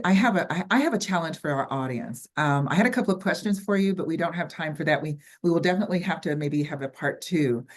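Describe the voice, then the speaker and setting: Older woman, Southern US accent, low pitch, webinar host, chatty and halting with lots of ums, video call. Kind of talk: online workshop wrap-up.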